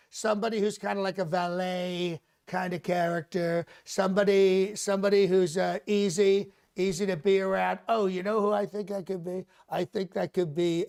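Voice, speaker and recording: A man's voice: sits high, creaky. A man doing a boastful rambling old president. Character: boastful rambling male president, older, bragging. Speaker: comedian doing a live mock press conference. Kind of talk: comic impression, improvised.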